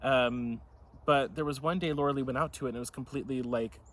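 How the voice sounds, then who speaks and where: A man's voice: medium pitch, fast talker. A man co-hosting a casual chat, talking in an easygoing way and chiming in with agreement. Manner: relaxed, chimes in with agreement. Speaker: co-host.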